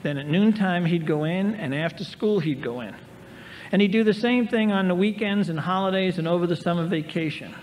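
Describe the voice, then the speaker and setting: A man's voice: high-pitched, moderate pace. A man in his sixties telling stories with wry, self-mocking humor as a speaker at a recovery meeting, recorded in a large convention hall. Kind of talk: storytelling speaker talk. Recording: reverberant 1990s hall tape with faint hiss.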